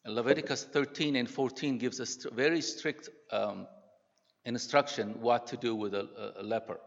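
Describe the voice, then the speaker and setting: An older man, a pastor, preaching a sermon in a church in an earnest, halting way. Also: medium pitch, fairly bright tone. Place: church sanctuary. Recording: dull sound with long hall reverb.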